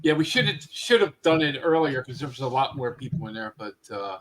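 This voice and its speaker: A man's voice: medium pitch, sing-song, fairly quick, low-quality recording. A man hosting a podcast in casual chat, easygoing in his manner. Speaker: podcast host.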